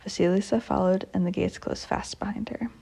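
A woman reading a folk tale aloud as storyteller, with a measured, steady manner. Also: mid-range voice, gravelly, slightly rough, in a whisper.

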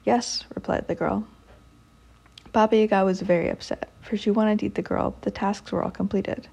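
Gravelly, husky woman telling a folk tale. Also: mid-range voice, steady tone, fairly quick, mellow. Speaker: storyteller. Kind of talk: reading a folk tale aloud.

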